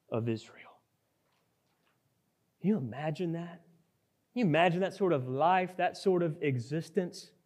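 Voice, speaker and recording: A man preaching a sermon, earnest and emphatic, reading scripture and then acting out a desperate plea. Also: high voice. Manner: earnest, emphatic, acts out the leper's pleading. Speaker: pastor.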